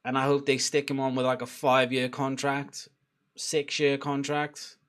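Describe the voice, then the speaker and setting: Young man streaming a live match reaction, mid-pitched, chatty, swears a lot. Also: monotone, unhurried, clear, resonant tone. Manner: chatty, swears, shouts at the players, laughs often. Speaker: football watchalong streamer.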